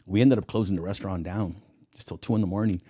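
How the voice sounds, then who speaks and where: A man's voice: deep voice, quick pace, husky. A man, a former federal agent, telling casual stories in an interview and acting out the voices in his anecdotes, often laughing at his own jokes. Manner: animated storyteller who acts out the voices in his anecdotes.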